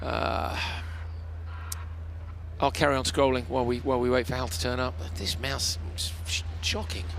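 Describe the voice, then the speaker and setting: A male rallycross commentator, hoarse and tired, chatting warmly and emotionally on a live broadcast. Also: medium pitch, fairly even intonation, normal speed, slight background noise. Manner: chatty, emotional, laughs often. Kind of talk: casual live broadcast chat.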